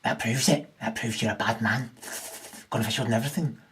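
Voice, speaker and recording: A man playing a pleading, self-righteous headless man who whines quietly and accuses. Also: medium pitch, brisk, distant mic, a little hiss or hum, voice pushed down, close to an everyday voice.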